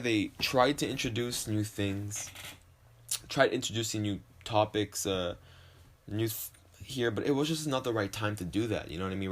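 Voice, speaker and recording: A young man with a slight lisp and a lowish voice talks alone into a desk mic. He rambles from topic to topic, swears freely and keeps cutting himself down in a casual solo podcast. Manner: rambling, profane, self-deprecating. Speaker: podcast host. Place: home desk.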